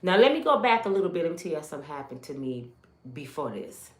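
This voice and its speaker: Woman, lower voice, emotional testimony, animated storytelling, roomy echo. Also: fast talker. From Michigan. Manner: animated storytelling, addresses viewers directly. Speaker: testimony speaker.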